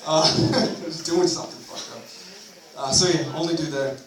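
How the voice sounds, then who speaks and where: A man's voice: a little high, moderate pace. A young man performing a rambling, profane stand-up set at a bar open mic, full of self-mocking asides. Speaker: stand-up comedian. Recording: echoey bar from a far camera.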